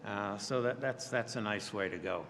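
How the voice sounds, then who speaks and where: A man, a therapist, presenting a professional webinar in a halting way, with many fillers and restarts and a dry sense of humor. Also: lowish voice, creaky, a bit bright, in a large hall, a little hiss or hum.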